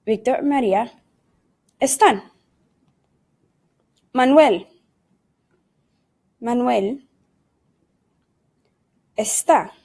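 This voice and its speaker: A woman's voice: a little high, very slow, creaky, pauses often, a little mellow. Woman teaching a Spanish lesson. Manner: patient, explains step by step and often calls the class "guys"; says English with Spanish words and conjugations mixed in. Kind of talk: recorded online lesson.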